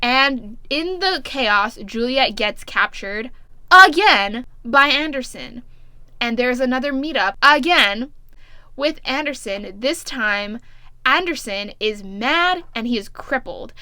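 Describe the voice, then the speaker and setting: A woman's voice: sits high, animated, slow, bright, forceful tone, clear, resonant tone, no echo. A woman giving a casual, profane and exasperated plot recap as a book reviewer.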